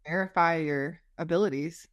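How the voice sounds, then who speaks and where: Low-voiced woman asking questions. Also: fairly even intonation, moderate pace, no room sound, clean studio sound. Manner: brief reactions and direct questions. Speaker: podcast host. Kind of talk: casual interview.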